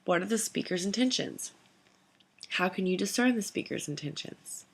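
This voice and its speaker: A woman giving a scripted educational narration as an instructor, reading out lists of terms in a measured way. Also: mid-range voice, lively intonation, gravelly, breathy edge.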